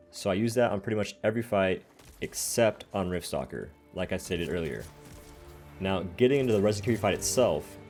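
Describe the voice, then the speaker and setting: A man's voice: lowish voice, darkish tone. A man who hosts a gaming channel, casually explaining his game builds step by step in a voice-over.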